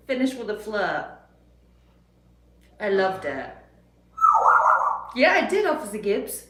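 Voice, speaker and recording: A woman's voice: mid-range voice, huge pitch swings, takes it slowly, pauses often. Playful giggly woman chatting with her bird. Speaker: pet parrot owner and channel host. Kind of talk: casual chat with her pet bird. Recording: roomy echo.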